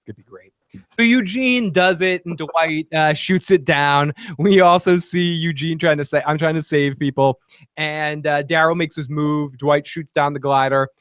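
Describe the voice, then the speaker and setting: A man's voice: a little high, fairly bright tone, no room sound, clean studio sound. Rambling, profane male podcast host. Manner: rambling, profane, laughing often. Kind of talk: casual podcast chat.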